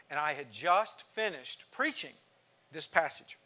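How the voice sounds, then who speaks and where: A man preaching a sermon, spinning a personal story and pausing to quiz his congregation. His voice sits fairly high and sounds bright and forward. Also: big pitch swings. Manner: storytelling, asks the congregation questions.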